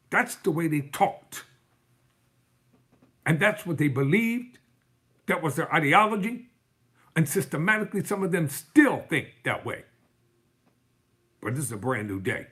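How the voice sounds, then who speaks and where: Husky man reading news with fiery commentary. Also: medium pitch, lively intonation, moderate pace, fairly bright tone. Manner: fiery, sarcastic, mocking. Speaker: live-stream host. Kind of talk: reading news articles aloud with heated commentary.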